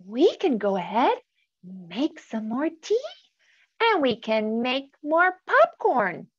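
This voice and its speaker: A woman's voice: a little high, sing-song, takes it slowly, husky, lo-fi sound, exaggerated voice. A woman voicing a small, kind male mouse in a children's storybook reading, sounding reassuring.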